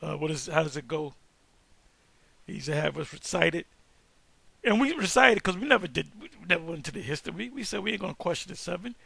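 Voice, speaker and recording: A man giving a casual online lecture, reacting to search results in an emphatic, halting way with many restarts. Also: fairly high pitch, animated, gravelly, sharp tone, breathy edge, dry recording. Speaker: online teacher.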